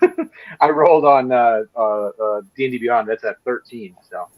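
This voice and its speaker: A man's voice: mid-range voice, moderate pace, rough recording. A man playing a tabletop game, joking around and stammering over the rules. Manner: jokey, panicky outbursts, stammers on rules. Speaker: player. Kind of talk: casual tabletop game play.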